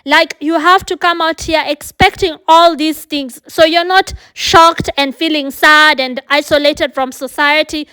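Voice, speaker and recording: A woman's voice: high voice, steady tone, a little slow, hardly any pauses, pushed and bright, poor audio. A woman from Kenya, giving earnest, direct advice to her viewers in a casual vlog. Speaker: vlogger.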